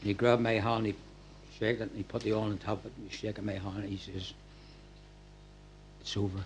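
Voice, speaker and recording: An older man, a former football manager telling lively anecdotes at a club night and acting out what people said. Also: on the low side, a little fast, a little hiss or hum. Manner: animated storyteller, acts out quoted lines. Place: packed function room.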